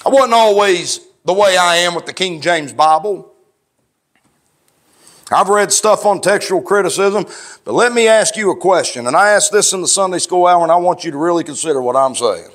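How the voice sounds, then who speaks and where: A man pastoring a congregation, his voice sitting high for a man. He preaches plain and fervent, sliding from low, confiding talk into raised, shouted lines. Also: expressive, normal speed. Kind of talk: sermon. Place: church.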